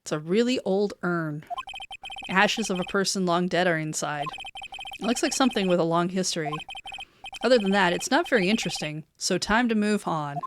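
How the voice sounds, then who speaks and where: A woman's voice: fairly low pitch, lively intonation, moderate pace, noisy background. A woman streamer reading a game's dialogue aloud, dropping wry joking asides. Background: game music.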